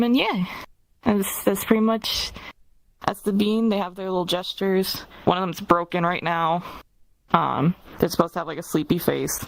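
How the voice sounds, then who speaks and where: Gravelly low woman chatting casually. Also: dry recording, low-quality recording. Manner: rambling, full of ums and soft hedges. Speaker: avatar creator presenting her work. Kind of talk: casual showcase chat.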